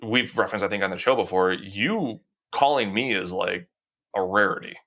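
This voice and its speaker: A man's voice: lowish voice, moderate pace. A young man co-hosting a podcast, joking around and laughing easily in casual chat. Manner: animated, joking, laughs often. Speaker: podcast co-host.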